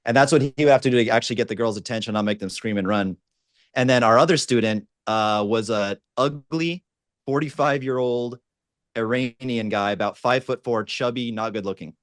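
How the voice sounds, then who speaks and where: A man working as a dating coach, telling a laid-back, animated anecdote over a video call on a panel. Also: medium pitch, a little fast, no echo, clean studio sound. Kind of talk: casual panel storytelling.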